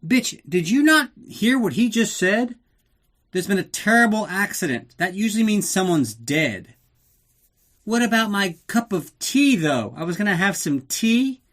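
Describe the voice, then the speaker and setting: A man voicing a petulant young woman who complains, high-pitched and loud, about missing her tea. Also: big pitch swings, measured pace, heavily acted. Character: whiny young woman fussing over tea.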